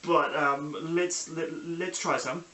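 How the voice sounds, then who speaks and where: Fairly high in pitch, he speaks slowly with a steady, bright, forceful tone. The young New Zealander hosts a casual solo review podcast from a small sunny room at home, rambling with enthusiasm, many ums and restarts, over an echoey room and faint background hiss.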